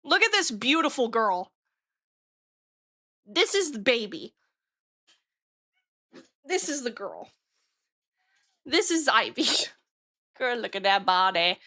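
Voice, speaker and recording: A young adult woman streaming from home, chatting casually in a gushing, excitable way and swearing freely, close on the mic. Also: on the high side, slow, long pauses, no echo. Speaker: VTuber streamer. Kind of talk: casual live-stream chat.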